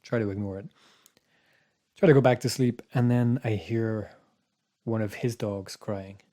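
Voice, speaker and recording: A man casually telling a spooky story on a podcast, rambling with restarts and dropping to a hush for his own thoughts. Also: fairly low pitch, steady tone, unhurried. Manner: rambling, restarts, quiet asides when recalling his thoughts. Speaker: podcast co-host.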